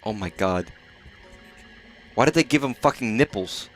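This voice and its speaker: A man's voice: fairly low pitch, animated, unhurried, long pauses, faint music behind. A man streaming live gameplay, rambling and swearing casually, sounding exhausted and sleepy. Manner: rambling and profane.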